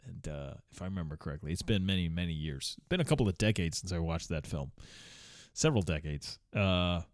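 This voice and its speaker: A man in his forties rambles through a casual chat, full of fillers, restarts and the odd curse. His voice sits on the low side, and the recording is close and dry with no room sound. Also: animated, fairly quick, no room sound. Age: 40s. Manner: meandering, many fillers and restarts, swears and chuckles.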